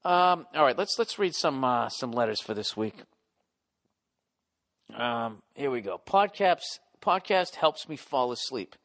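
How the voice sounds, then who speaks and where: A middle-aged man with a Boston accent hosting his own podcast. He rants in a profane, comic style and yells at times. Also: medium pitch, expressive, unhurried. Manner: profane, ranting, yelling at times. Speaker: podcast host. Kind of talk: solo comedic podcast rant.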